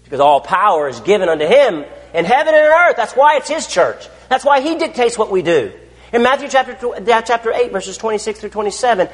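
Animated preacher in a reverberant hall. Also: male voice, very high-pitched. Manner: animated, rhetorical questions, swings between loud and hushed. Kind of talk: sermon. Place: church.

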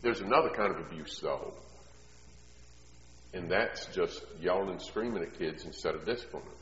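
A man's voice: deep voice, normal speed. Middle-aged man preaching in an echoey hall. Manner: conversational storytelling that swells into loud emphatic preaching. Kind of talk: sermon. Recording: echoey hall, dull sound.

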